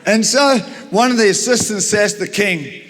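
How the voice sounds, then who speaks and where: Male preacher, storytelling sermon, chuckling, animated, higher voice, long reverb. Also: normal speed, a little hiss or hum.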